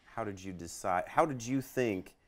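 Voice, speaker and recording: A man's voice: on the low side, moderate pace. A man hosting a podcast, asking curious follow-up questions in a casual chat. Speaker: podcast host and interviewer.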